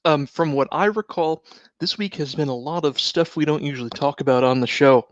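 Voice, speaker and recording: A man co-hosting a casual podcast chat, slightly hoarse, talking in a wry, sarcastic way. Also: fairly high pitch, a little fast, no room sound, highs cut off. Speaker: podcast co-host.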